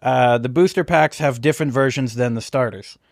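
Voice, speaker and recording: A man co-hosting a comedy podcast, chatting in a relaxed, rambling way full of restarts. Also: mid-range voice, normal speed, gravelly, dry recording, clean studio sound. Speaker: podcast co-host. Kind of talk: casual comedic banter.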